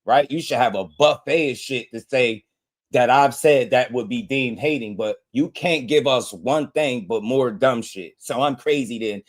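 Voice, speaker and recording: A man's voice: medium pitch, normal speed. A man with a mid-range voice running a live boxing stream, firing taunts at his chat. He chuckles between jabs and keeps calling out viewers by name, drawing out his put-downs. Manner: mocking, trash-talking viewers with frequent laughs; addresses chat directly, repeating names and taunts. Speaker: boxing livestream host.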